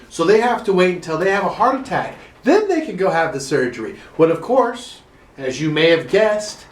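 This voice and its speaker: Comic man, high voice, sarcastic swearing rant, roomy echo from home. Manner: swearing, sarcastic, rising to exaggerated outrage. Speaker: standup comedian. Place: his own room.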